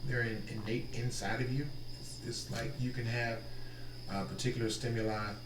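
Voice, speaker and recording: A man hosting a casual talk show in a calm, mellow, late-night radio manner, thinking aloud with halting restarts. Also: medium pitch. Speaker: podcast host. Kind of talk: casual chat. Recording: roomy, distant mic with noticeable background noise.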